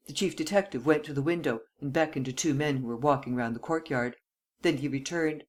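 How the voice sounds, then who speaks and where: A narrator reading a classic detective novel in a steady, even manner. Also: medium pitch, fairly quick. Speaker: audiobook narrator. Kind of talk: scripted narration.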